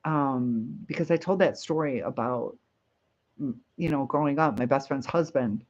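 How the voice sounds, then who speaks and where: A woman's voice: rumbling low, moderate pace, dull audio. A woman hosting a casual live stream, chatting and reading viewer comments aloud with frequent laughs.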